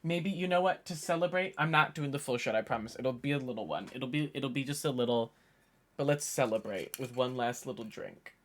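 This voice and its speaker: A man's voice: medium pitch, a little fast. Streamer, mid-twenties male, loose rambling chat, voice frayed from a long day of talking. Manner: rambling, chatty, thinks aloud. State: tired, voice worn from hours of talking. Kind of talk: casual live-stream chat.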